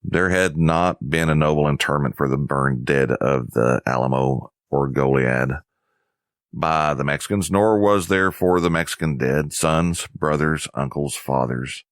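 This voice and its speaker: A man with an extremely deep, low voice narrates a history lesson in a measured, somber way. The sound is close and dry. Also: no echo.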